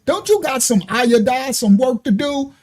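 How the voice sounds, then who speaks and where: A man hosting a ministry stream, preaching casually in animated slang and laughing often. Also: very high-pitched, slow pace. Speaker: ministry host.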